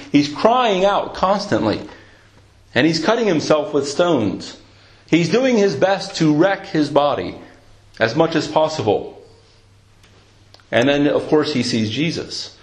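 A man preaching a sermon, retelling a scripture story in a storytelling manner and lifting his voice at dramatic moments. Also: fairly high pitch. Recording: roomy echo.

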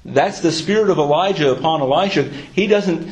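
A man's voice: fairly high pitch, a little fast, darkish tone. A man preaching a sermon, reading scripture aloud and then explaining it with growing fervor.

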